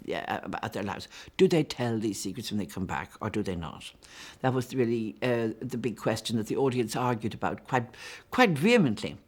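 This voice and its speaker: A chatty woman in her sixties, a novelist answering interview questions warmly, often repeating words as she goes. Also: a bass voice, breathy edge. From Ireland. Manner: warm, chatty, lively with frequent repeated words.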